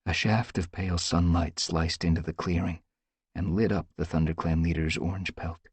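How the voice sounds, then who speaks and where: A man with a husky voice reading an audiobook with dramatic, tense storytelling. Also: low-pitched, steady tone, normal speed, darkish tone, dry recording. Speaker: audiobook narrator. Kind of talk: dramatic scripted narration.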